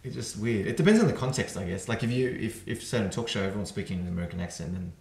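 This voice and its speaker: A man's voice: fairly low pitch, expressive, a little mellow. A man hosting a casual podcast chat, rambling, restarting often and running his words together. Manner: rambling, restarts often, fast and slurred by his own account. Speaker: podcast host. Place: room at home. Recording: echoey room.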